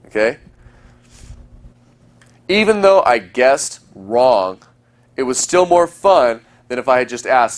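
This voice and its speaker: A man teaching a recorded lesson as a dating coach. He talks in a quick, chatty way and often acts out example lines. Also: medium pitch, lively intonation.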